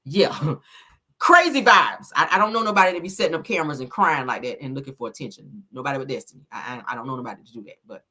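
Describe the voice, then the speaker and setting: A woman's voice: extremely low pitch, lively intonation, fast, pushed and bright, slightly rough. Blunt, sassy woman gossip host. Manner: blunt, profane, sassy, reads viewer comments aloud. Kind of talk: celebrity gossip commentary.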